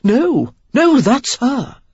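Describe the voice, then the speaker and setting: Eager, gossiping young male rakes, done by a narrator, high and loud. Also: big pitch swings, moderate pace, husky, no echo, muffled recording.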